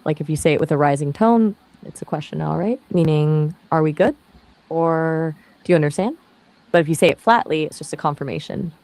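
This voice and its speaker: A breezy female AI voice fields questions in easy chat, pitched a little low for a woman. She explains things casually and keeps the talk rolling. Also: darkish tone. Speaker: AI conversation partner. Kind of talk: conversational Q&A answers.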